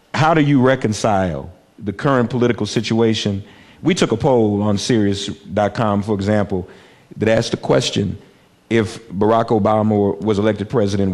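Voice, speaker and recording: Low-voiced man moderating a panel. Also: a little mellow. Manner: conversational, many fillers, hurries through asides. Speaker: moderator and radio host. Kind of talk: panel moderation broadcast on radio.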